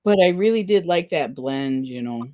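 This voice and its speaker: A woman chatting casually while face painting, agreeable and relaxed, often murmuring assent. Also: low voice, normal speed. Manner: relaxed, agreeable, many backchannels.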